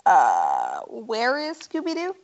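High, slow-talking female contestant. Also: huge pitch swings, vocal fry, dull audio, very noisy. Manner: hesitant, stumbles into answers with fillers. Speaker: quiz contestant. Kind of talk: casual podcast banter.

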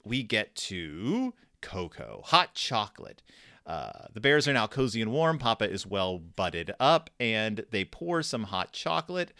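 Animated, wry man doing comedic commentary. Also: medium pitch, dry recording, clean studio sound. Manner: wry, jokey, animated storytelling. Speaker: host reviewing a scratch-and-sniff storybook.

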